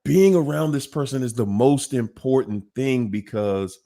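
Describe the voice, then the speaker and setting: A man's voice: medium pitch, a little slow. A man hosting a live question-and-answer talk, speaking emphatically and acting out other people's words. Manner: animated, emphatic, quotes people in voices. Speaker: host.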